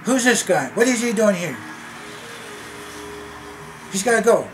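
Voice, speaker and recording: A man putting on the voice of an angry middle-aged mother ordering a guest out of her house, shrill and bossy. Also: very animated, unhurried, slight background noise.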